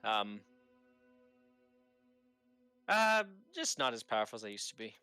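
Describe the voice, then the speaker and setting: A man's voice: on the low side, big pitch swings, unhurried, pushed and bright, smooth, dry recording, faint music behind. A young man narrating a tabletop game as game master in a casual way, laughing often.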